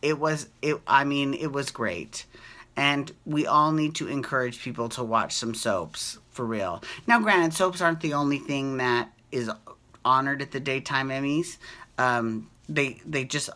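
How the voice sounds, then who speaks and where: Gushing man with a bright voice. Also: mid-range voice, measured pace. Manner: gushing and emotional, swears freely. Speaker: soap opera recap host. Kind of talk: casual chat.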